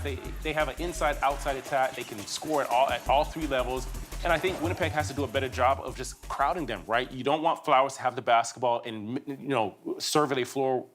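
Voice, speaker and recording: Rapid-fire male basketball analyst. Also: medium pitch. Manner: fast, teasing, says "right?" often. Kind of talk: halftime analysis. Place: TV studio.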